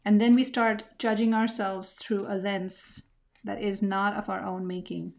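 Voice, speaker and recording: A woman's voice: medium pitch, level tone, a little slow, vocal fry, a little mellow. Reflective woman teaching mixed media art. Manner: reflective, searching for words, restarts. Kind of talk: craft tutorial narration.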